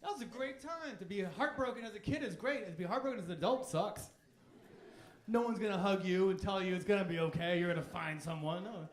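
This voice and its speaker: Thirties male comic, high-pitched, provocative stand-up delivery, roomy club sound. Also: brisk. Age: 30s. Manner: cocky, provocative, crude. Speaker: stand-up comedian. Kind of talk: stand-up routine. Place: comedy club stage. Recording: echoey club room.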